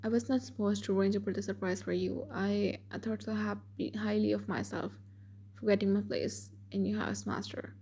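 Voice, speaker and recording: Hurt young woman maid, bitter and formal, read by a woman; dark, husky tone. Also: medium pitch, little pitch movement, moderate pace.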